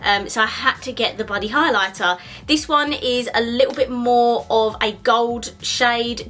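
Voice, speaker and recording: Bright-voiced young woman, chatty. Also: mid-range voice. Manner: chatty and gushing, with frequent "like" and "um". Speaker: beauty vlogger. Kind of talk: casual product review.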